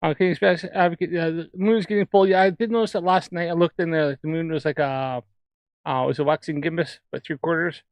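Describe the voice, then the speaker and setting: A man's voice: a little high, fairly even intonation, fast, dry recording. Chatty Canadian man with a dry sound. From Alberta, Canada. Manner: rambling, chatty. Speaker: livestream host. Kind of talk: casual livestream chat.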